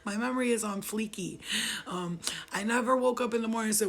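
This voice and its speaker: Young woman, gravelly voice, profane slangy storyteller, rambling, laughs a lot. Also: mid-range voice, fairly even intonation, quick pace. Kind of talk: casual storytelling to viewers.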